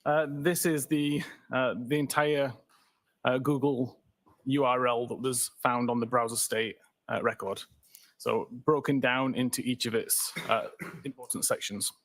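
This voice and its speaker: A man testifying as an expert witness in a courtroom, explaining technical details step by step with many pauses. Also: mid-range voice, steady tone, a bit bright. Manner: methodical, technical, frequent uh fillers.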